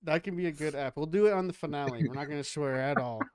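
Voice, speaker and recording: A man's voice: fairly high pitch, fast talker, a loud crowd. A man hosting a podcast, bantering casually with jokes and a lot of swearing. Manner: joking, profane banter. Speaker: podcast host.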